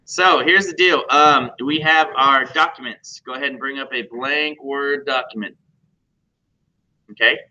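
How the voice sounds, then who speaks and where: A man's voice: mid-range voice, a little slow, pushed and bright. Joking man teaching a computer class. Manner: joking and chatty, asks the class questions. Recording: dull lo-fi classroom recording.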